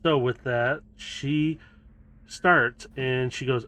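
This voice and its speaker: A man's voice: mid-range voice, steady tone, slow pace, sharp tone. A man narrating and running a tabletop role-playing game as game master, in a casual, storytelling manner with laughs.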